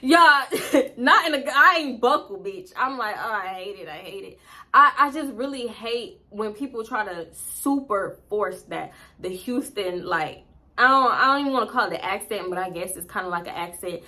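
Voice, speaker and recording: Young woman, casual storytime, animated, crisp bright tone. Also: fairly high pitch, moderate pace. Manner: animated, profane, laughing asides. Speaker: storytime vlogger.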